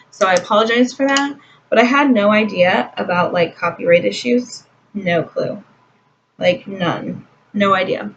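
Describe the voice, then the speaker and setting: A young woman chatting through a makeup tutorial at home, ranting with casual swearing and lots of fillers. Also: mid-range voice. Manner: irritated, profane ranting with many fillers. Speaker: makeup vlogger. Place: home room. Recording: distant, dull lo-fi home recording with faint hiss.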